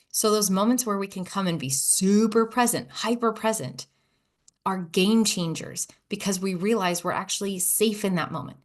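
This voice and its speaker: Animated woman podcast host. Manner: animated, swings from soft hushed whispers to excited high exclamations. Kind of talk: casual solo podcast talk.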